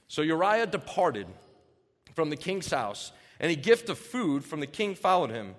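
A man's voice: a little high, sing-song, normal speed. A man preaching a sermon, reading scripture aloud and then explaining it earnestly in casual terms, in a church hall. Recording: long reverb in a large hall.

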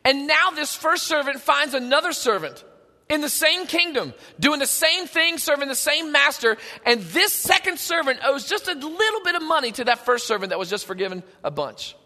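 A man preaching a sermon in an emphatic way, swinging between loud passages and hushed ones. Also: very high voice, animated, moderate pace. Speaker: pastor. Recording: long hall reverb.

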